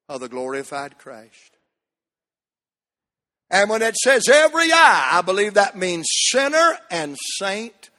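A man preaching a sermon, rising to shouts and dropping to near whispers. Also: high voice. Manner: Southern preaching cadence, swinging from shouts to hushed tones. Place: church sanctuary. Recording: long hall reverb.

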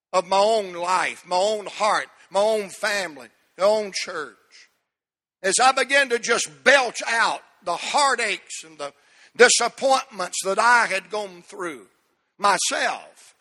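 A man's voice: sits high, bright, forceful tone, in a large hall. A man, a pastor preaching a sermon with an emphatic, repetitive cadence.

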